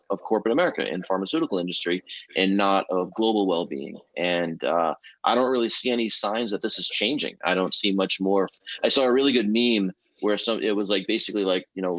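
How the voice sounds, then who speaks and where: Deep-voiced man, dull dry recording. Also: a bit bright, no echo. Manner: measured, many fillers and restarts. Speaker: physician guest. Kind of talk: podcast discussion.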